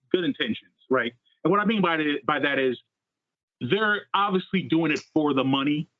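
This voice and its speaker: Male podcast co-host, higher voice, chatty and punny, tinny phone-like dry sound. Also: no room sound. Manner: upbeat, talkative, playful puns. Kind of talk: casual podcast chat.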